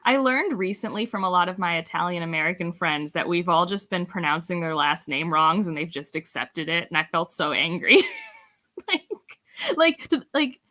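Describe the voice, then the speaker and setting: A woman in casual chat on a book club stream, wry and quick with asides, laughing often. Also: fairly low pitch, lively intonation, bright, forceful tone.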